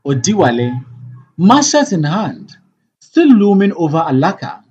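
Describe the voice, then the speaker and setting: An audiobook reader reading stage directions in a measured, plain way. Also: medium pitch, very animated, a little mellow, husky, highs cut off.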